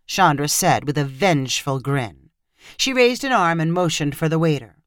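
A woman narrating a story aloud with clear, expressive reading. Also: deep voice, normal speed, no echo, clean studio sound.

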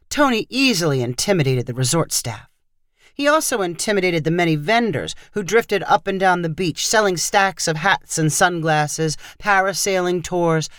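A narrator giving a steady, scripted reading of a short story. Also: medium pitch, dry recording, clean studio sound.

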